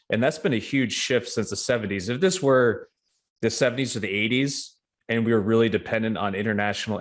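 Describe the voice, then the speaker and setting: A man with a fairly low voice speaks as an interview guest. He talks in a measured, confident way and pads his points with fillers and small restarts. He sounds middle-aged. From New York. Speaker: real estate investment guest. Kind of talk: casual interview talk.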